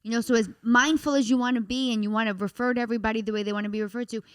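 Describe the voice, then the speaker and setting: A woman who works as a stand-up comedian chats earnestly on a talk show, sometimes slipping in a joke. Her voice is smooth and clear, recorded close with no room sound. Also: on the high side, steady tone, very fast, no echo. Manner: chatty and earnest, with jokey asides. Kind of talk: casual chat.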